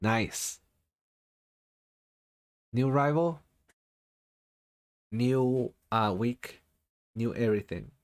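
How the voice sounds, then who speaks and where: A man's voice: medium pitch, very slow, pauses often, clear, resonant tone. A man streaming a game, giving playful, casual commentary and reacting as he reads game text aloud. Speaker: VTuber streamer.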